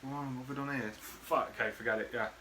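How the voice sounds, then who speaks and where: A man's voice: mid-range voice, steady tone, a little fast, pushed and bright, a little hiss or hum. A man recording a rambling, sweary birthday message full of memories for an old friend. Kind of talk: casual rambling reminiscence.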